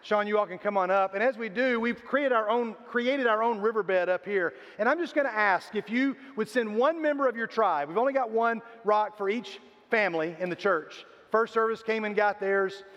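A man's voice: high voice, moderate pace, fairly bright tone. An older man, a grandfather, preaching a sermon as pastor and telling stories with acted-out voices. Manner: storytelling, acts out quoted voices. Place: church sanctuary. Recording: reverberant hall, dull lo-fi sound.

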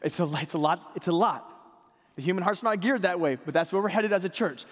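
A man's voice: high voice, brisk. A man pastor preaching a conversational sermon, drawing the congregation into responses and reading scripture aloud with them. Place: church sanctuary. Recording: long hall reverb.

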